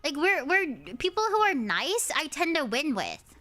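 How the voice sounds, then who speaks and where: Young woman streamer, super high cutesy anime-girl voice, bouncy and swearing a lot while she plays. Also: a little slow. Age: early 20s. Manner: animated ranting with frequent swearing. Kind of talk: casual gaming stream chatter.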